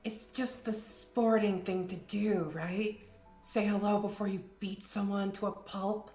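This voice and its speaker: A woman's voice: medium pitch, level tone, unhurried, a little mellow, reverberant, faint music behind. A woman playing a tabletop game, speaking confidently and teasingly in and out of character. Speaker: player. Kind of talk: tabletop role-play.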